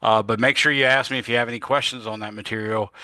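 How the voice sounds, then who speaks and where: Speaking fast in a steady mid-range voice with a bright, forceful tone, a man teaches physics with no room sound in the recording. The lecture rambles casually, full of self-corrections and fillers, and he's yawning, a little worn out.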